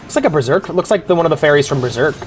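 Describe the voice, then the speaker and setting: A man's voice: fairly high pitch, lively intonation, very fast. Playful man joking through a game. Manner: joking, playful, self-mocking, swears casually. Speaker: streamer playing a game. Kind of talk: casual gameplay commentary. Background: faint music.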